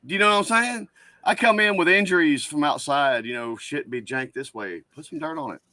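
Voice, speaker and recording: A man's voice: on the high side, brisk, sharp tone, no room sound. A man co-hosting a podcast, talking bluntly and profanely in casual chat, rambling through stories. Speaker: podcast co-host.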